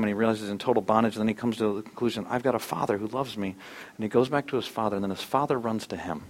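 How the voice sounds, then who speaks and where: Earnest man preaching a sermon. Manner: earnest, swings between soft low lines and loud animated ones. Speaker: pastor. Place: church.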